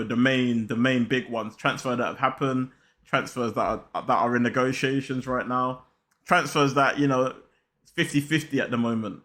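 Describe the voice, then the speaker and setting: Young male host, slangy and excitable, middling pitch, direct to camera. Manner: slangy, hyped, talks straight to viewers. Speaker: football channel host. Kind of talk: casual football vlog chat.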